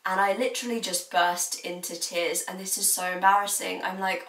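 A woman's voice: medium pitch, fairly even intonation, moderate pace, fairly bright tone, distant mic. Brief: teenage girl vlogging, confiding and chatty, mic set back in an echoey room. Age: late teens. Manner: chatty and confiding, laughs now and then. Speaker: student vlogger. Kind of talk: candid advice vlog.

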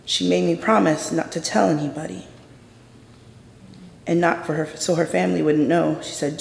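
A storyteller performing a true personal story live on stage, intense and measured, going hushed in the quiet moments. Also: medium pitch, vocal fry, a little hiss or hum. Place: stage in a large hall. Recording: roomy hall with long reverb.

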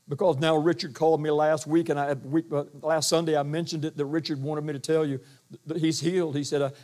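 An older man preaching a sermon in a church, with a booming voice and a rambling delivery full of restarts and acted-out quotes. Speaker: pastor. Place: church sanctuary.

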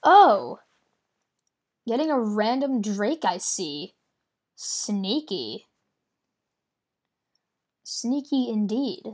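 Chatty woman narrating her card game. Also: mid-range voice. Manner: chatty, thinks aloud, playful trash talk. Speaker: gameplay commentator. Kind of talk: casual let's-play commentary.

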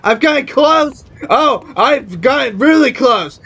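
A man giving angry, profanity-filled commentary while playing a video game and yelling at the enemy. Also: very high-pitched, animated, takes it slowly, breathy edge. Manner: furious, swearing, yelling at the game. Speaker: gameplay streamer.

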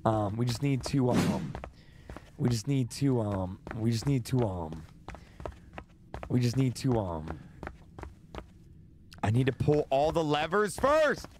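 A man's voice: medium pitch, big pitch swings, slow, pauses often, darkish tone, a little hiss or hum. A young man streaming a horror game, jittery and repeating himself, losing his voice. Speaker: gaming streamer. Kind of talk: live horror game commentary.

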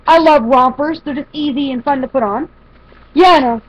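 This vlogger speaks at a normal pace in a high voice, chatting casually to camera while presenting her shopping haul. Her talk rambles, full of fillers and false starts, captured on dull, lo-fi home video sound.

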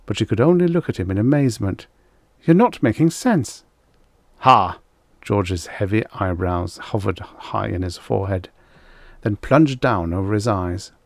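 A man narrating a vintage science fiction story in an expressive, theatrical way, with a slightly croaky voice. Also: on the low side, moderate pace, no echo. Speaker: audiobook narrator. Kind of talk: scripted narration.

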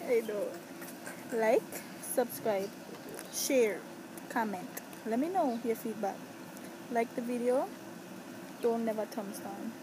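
A woman from St. Croix with a Cruzan accent, doing a casual accent-tag vlog, deliberately sounding out single words one by one. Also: a little high, background noise. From St. Croix, US Virgin Islands. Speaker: vlogger.

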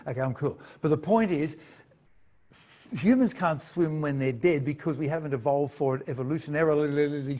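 A man giving a lively live science talk, playful and jokey, telling stories with animation. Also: fairly high pitch. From Australia. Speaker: science presenter.

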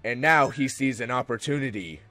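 A man's voice: mid-range voice, normal speed, bright, forceful tone. A man hosting a casual role-play commentary over gameplay, laughing at his own mistakes and mocking himself. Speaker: let's-play host.

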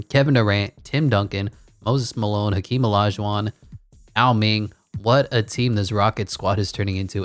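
Deep-ish guy hyping up a basketball sim game like a sportscaster, cracks jokes, dead dry mic. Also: no echo. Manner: excitable, rising to big shouts on key moments; jokey asides and laughs between calls. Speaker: gaming channel host. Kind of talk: play-by-play commentary over a basketball video game.

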